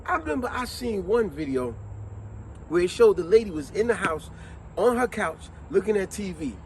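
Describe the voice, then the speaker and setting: Man, vlog host, high and very lively voice, storyteller energy, faint hiss behind. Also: normal speed. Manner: animated storytelling, acts out quotes. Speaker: vlogger host. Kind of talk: casual motivational monologue.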